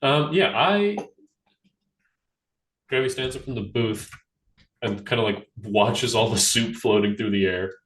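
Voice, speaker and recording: A man's voice: medium pitch, a little slow, pauses often, fairly bright tone, reverberant, far from the mic. A man playing a tabletop role-playing game, talking casually with hesitant restarts. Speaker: player. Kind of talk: tabletop role-play chat.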